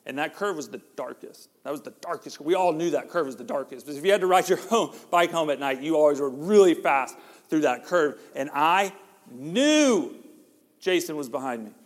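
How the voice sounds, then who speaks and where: A man's voice: on the high side, brisk. A middle-aged man, preaching a conversational sermon that jokes with the congregation. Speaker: pastor. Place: church sanctuary. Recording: long hall reverb.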